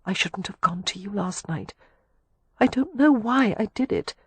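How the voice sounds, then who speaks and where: A woman's voice: medium pitch, lively intonation, unhurried, breathy edge, dry recording, voice pushed up. A woman voicing a timid, flustered young lady. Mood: timid embarrassed. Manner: breathless, embarrassed, speaking timidly.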